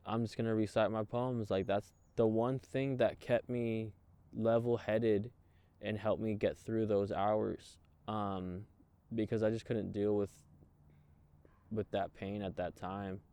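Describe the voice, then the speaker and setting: A man, a guest in an interview, telling his own story in a raw, emotional way, swearing freely and halting often. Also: on the low side, little pitch movement, dark tone, clear, resonant tone, dry recording. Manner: halting, many fillers and restarts. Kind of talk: candid personal storytelling.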